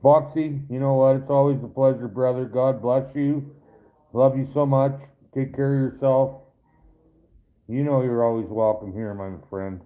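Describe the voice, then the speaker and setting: A man's voice: mid-range voice, fairly even intonation, unhurried. A man hosting a live stream, chatting casually with viewers, rambling and swearing as he answers their comments. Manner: rambling, profane, talks straight to viewers. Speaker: livestream host reading viewer chat. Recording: tinny phone-like sound.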